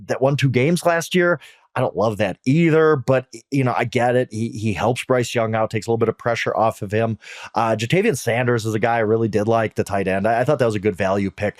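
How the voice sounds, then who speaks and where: A man who writes about sports, chatting on a podcast in a measured, conversational way with frequent restarts. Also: mid-range voice, dry recording, studio quality. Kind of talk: casual sports podcast chat.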